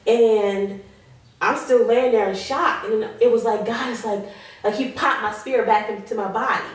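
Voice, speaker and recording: A woman being interviewed as a guest, giving an emotional personal testimony in an earnest way. She slows down on heavy moments. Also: on the high side, fairly even intonation. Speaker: guest sharing her survival story. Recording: very echoey room, voice far from mic.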